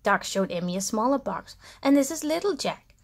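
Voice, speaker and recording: A woman reading a children's storybook aloud in an animated, sing-song way. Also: on the high side, normal speed.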